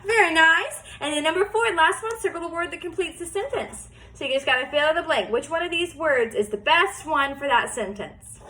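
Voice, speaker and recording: A woman with a high voice teaches phonics to young children from home. She is patient and encouraging, and she sounds out each word slowly so the children can follow. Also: expressive, sharp tone.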